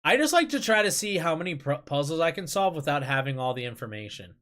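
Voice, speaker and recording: A man's voice: fairly high pitch, big pitch swings, quick pace, a bit bright. A man hosting a casual livestream chat, rambling with lots of fillers, laughing and swearing as he talks. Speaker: streamer host.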